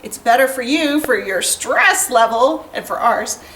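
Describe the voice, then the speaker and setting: A woman's voice: fairly high pitch, expressive, a little slow, fairly bright tone, poor audio. Chatty upbeat woman hosting a craft show. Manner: chatty and upbeat, laughs often. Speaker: shop owner hosting a craft livestream. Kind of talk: casual craft demonstration chat.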